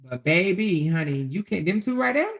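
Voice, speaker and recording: A middle-aged woman with a lowish voice and big pitch swings hosts a casual livestream at normal speed. She reads viewer comments in a folksy manner, calling listeners baby and honey and chuckling often.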